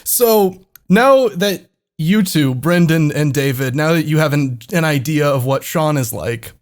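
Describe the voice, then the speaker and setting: A young man with a somewhat high voice tells a rambling story in casual podcast chat. He laughs along with himself and swears often, backtracking and correcting details as he goes. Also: animated, measured pace. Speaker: podcast co-host.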